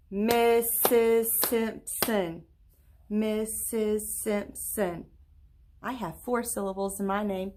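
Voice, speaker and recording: A woman teacher leading a recorded virtual lesson for young children, speaking slowly and clearly with lots of encouraging check-in questions. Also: a little high, background noise. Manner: claps and stretches words into syllables.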